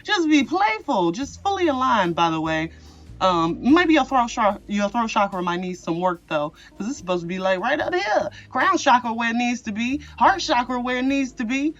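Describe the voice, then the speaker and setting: A woman's voice: fairly high pitch, expressive, moderate pace. A woman giving a casual pick-a-card tarot reading, rambling and chatty with frequent laughs. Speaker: tarot reader. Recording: slightly dull lo-fi audio with faint music.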